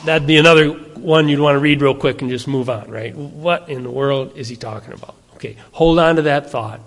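Male pastor, high-pitched, casual rhetorical sermon style, long hall reverb. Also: a little fast, a bit bright. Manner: conversational, asks the audience rhetorical questions.

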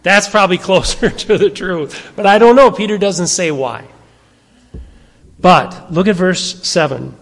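A man's voice: high-pitched, unhurried, gravelly, fairly bright tone. A male pastor preaching a sermon in a conversational way, full of asides and rhetorical questions. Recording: long hall reverb.

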